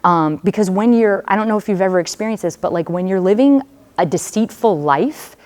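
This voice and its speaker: A woman's voice: mid-range voice, animated, fairly quick, a little mellow. A woman, a religious sister, giving a personal testimony to students in a conversational storytelling manner, speaking straight to them with casual fillers.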